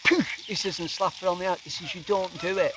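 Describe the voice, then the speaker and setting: Lively man telling a campfire story. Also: sits high, quick pace. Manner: animated, breaks into quoted voices and laughs. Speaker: guest camper. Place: outdoors at a lakeside camp. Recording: noisy outdoor recording, sizzling campfire.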